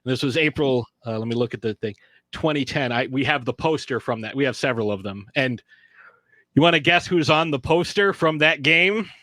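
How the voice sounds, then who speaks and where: On a podcast, a male guest tells a long personal story in a casual, animated way, acting out the quotes in high voices. He speaks a little fast, and the recording is dry.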